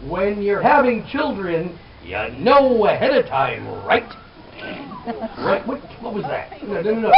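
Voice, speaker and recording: Animated man doing stand-up outdoors. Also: high-pitched, normal speed, muffled recording. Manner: animated, shouting out names. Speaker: festival comedian. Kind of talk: stand-up comedy to a crowd. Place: outdoor festival stage. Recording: distant crowd-noise camera audio.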